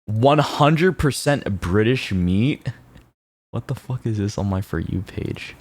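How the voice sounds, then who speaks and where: A man streaming casually, reacting to viewers' posts in an excitable, sweary way. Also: fairly low pitch, takes it slowly, no room sound. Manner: excitable, swears freely, jumps between mumbling and loud outbursts.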